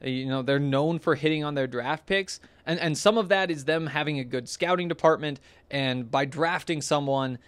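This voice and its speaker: A young man talks through a solo podcast in a loose, chatty ramble, tripping over restarts and fillers. His voice sits a touch high for a man, and the sound is close and dry with no room around it. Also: moderate pace, hardly any pauses, a bit bright, no room sound. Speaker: podcast host. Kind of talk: casual solo podcast talk.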